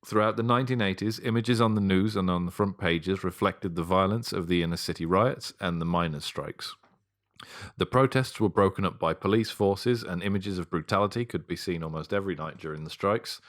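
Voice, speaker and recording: Low-voiced man hosting a casual podcast. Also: a little fast. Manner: reads quotes aloud, swears and laughs often. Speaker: podcast co-host. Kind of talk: casual history podcast chat.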